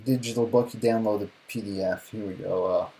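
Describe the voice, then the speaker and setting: A man's voice: on the low side, fairly even intonation, brisk, warm tone, rough recording. A man streaming a live reaction, talking casually with sarcastic, rambling remarks and frequent restarts.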